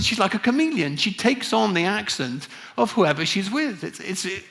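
A man's voice: high voice, lively intonation, normal speed, creaky, few pauses, a bit bright. A middle-aged man from England preaching a conversational sermon, with frequent restarts and fillers.

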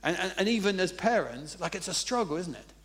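A man's voice: sits high, big pitch swings, fairly quick. A man preaching a sermon, telling funny personal stories in a conversational way. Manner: conversational, humorous storytelling.

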